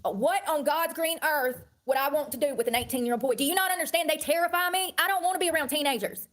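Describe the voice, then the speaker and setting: A woman in her thirties delivers a heated monologue to camera, talking quickly in a slightly high voice. She swears freely and circles back over the same points. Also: fairly bright tone. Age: 30s. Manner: heated, profane, repetitive ranting. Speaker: online personality.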